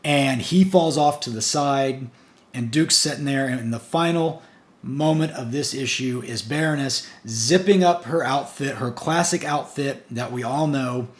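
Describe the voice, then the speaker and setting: A man with a mid-range voice talks a little slowly as he casually recaps a comic book issue. Chatty in tone, he chains the plot's events into long run-on strings using "and" and "basically."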